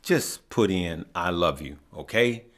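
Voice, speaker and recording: Emotional deep-voiced man, halting. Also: animated, a bit bright. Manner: earnest, halting, repeats himself often. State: emotional, near tears. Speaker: host of a stock market live stream. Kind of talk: emotional live stream talk to viewers.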